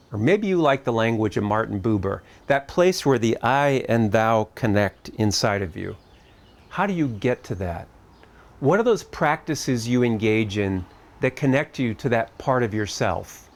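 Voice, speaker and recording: A middle-aged man with a fairly low voice gives a reflective talk at a family camp. His tone is conversational, and he poses searching questions to his audience while mixing in light humor.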